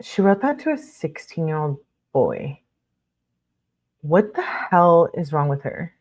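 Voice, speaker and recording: On a casual livestream, a woman reads court documents aloud and breaks off for blunt, outraged reactions packed with fillers. Her voice is low and slightly mellow, with big swings in pitch, and she takes her time.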